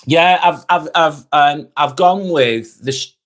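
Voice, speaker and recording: A man's voice: fairly high pitch, takes it slowly, a bit bright. A man with a Lancashire accent hosting a casual live stream, chatting with viewers, thanking them by name and calling people "mate". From Northwest England. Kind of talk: casual live-stream chat reading comments.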